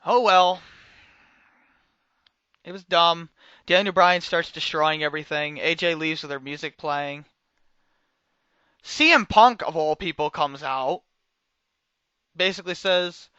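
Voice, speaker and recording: A young man rants about a wrestling show in a high, lively voice that jumps around a lot. He sounds bright and sharp, and he swings between loud outbursts and quiet, dry asides. The recording is dry and a little dull. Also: measured pace, pauses often, clean tone, no echo. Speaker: wrestling reviewer. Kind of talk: casual video review.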